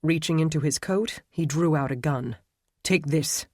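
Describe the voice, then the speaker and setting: A man narrating an audiobook in a steady, even storytelling manner. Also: fairly high pitch, normal speed, dry recording, clean studio sound. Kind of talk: scripted narration.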